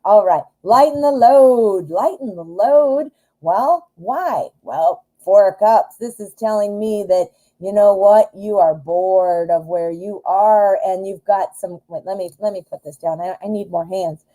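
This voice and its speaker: A woman hosting a live tarot stream, chatty, excitable and often giggling as she reads the cards. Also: medium pitch, a little slow, few pauses, rough recording.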